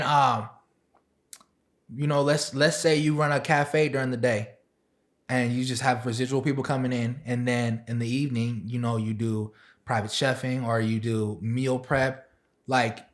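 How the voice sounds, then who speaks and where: A young man, a DJ and chef, chatting as a podcast guest and laughing through his animated stories. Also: mid-range voice. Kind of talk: casual podcast chat.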